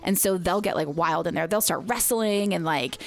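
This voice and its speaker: A woman's voice: on the low side, moderate pace. Chatty woman podcast host telling stories. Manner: chatty storyteller, animated quoting, laughs often. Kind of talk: casual chat.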